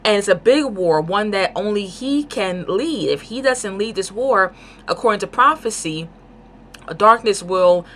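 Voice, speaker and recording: A woman giving a casual book review, talking in an excited, rambling way with lots of fillers. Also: mid-range voice, measured pace, slight background noise.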